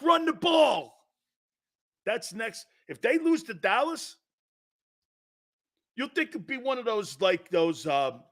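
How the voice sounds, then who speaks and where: A brash, middle-aged man hosts a sports talk show, cracking profane jokes and laughing as he rambles. His voice sits fairly high for a man and sounds bright and sharp. He talks in a loose, rolling monologue.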